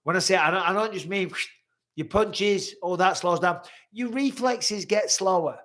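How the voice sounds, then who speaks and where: A man's voice: sits high, moderate pace, a bit bright. Blunt, sweary man. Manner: blunt, swears freely, reads questions aloud. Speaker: host answering viewer questions. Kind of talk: live-stream chat.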